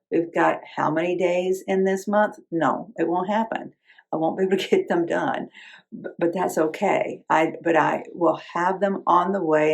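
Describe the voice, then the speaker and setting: Woman in her 50s, kinda gravelly voice, rambly self-correcting chat, chuckles at herself. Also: deep voice, poor audio. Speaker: quilting vlogger. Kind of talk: reflective casual chat.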